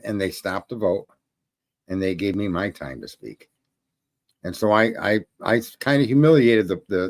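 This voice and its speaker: A middle-aged man telling a long story in a crude, swaggering, casual way, swearing often and laughing at his own jokes. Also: on the low side. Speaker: show host telling a story.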